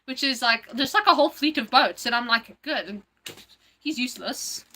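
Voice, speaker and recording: A woman's voice: on the high side, normal speed, bright, forceful tone, poor audio. A woman hosting a casual livestream, chatting in a rambling way full of fillers. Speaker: livestream host.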